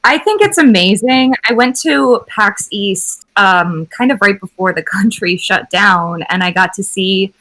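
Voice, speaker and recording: Young woman guest, bright tone, easygoing and self-deprecating. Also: mid-range voice, lively intonation, a little slow, hardly any pauses. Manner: laughs easily, self-deprecating. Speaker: guest actress. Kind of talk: casual podcast interview.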